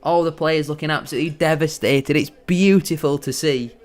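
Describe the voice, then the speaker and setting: Brisk and fairly high-pitched, this excitable man banters and gloats as a football fan commentating live during a watchalong stream.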